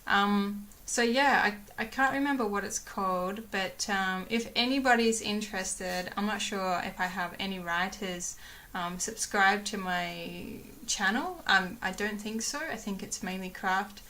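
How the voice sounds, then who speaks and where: A young woman vlogger chats casually to camera for her viewers, rambling with lots of fillers and restarts and laughing often. Her voice is medium-pitched with a sharp tone, and she keeps a measured pace.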